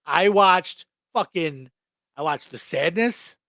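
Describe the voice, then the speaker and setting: A man's voice: on the high side, expressive, takes it slowly, bright, forceful tone, dry recording. A young adult man co-hosting a podcast, ranting bluntly and swearing freely in casual chat. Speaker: podcast co-host.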